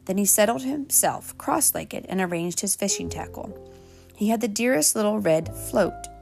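A woman reading a children's storybook aloud, gently, turning now and then to talk to the children. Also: mid-range voice, lively intonation, moderate pace, vocal fry, faint music behind. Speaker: storybook reader.

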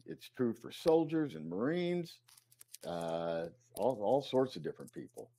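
A middle-aged man, a war correspondent, recounting his experiences in an interview, earnest and halting, with many fillers and restarts. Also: mid-range voice, big pitch swings, warm tone. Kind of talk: interview storytelling.

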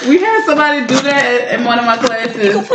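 High-voiced rowdy woman in an echoey room. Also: lively intonation, normal speed, heavy background noise. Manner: rowdy, profane storytelling. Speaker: podcast co-host. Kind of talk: casual chat.

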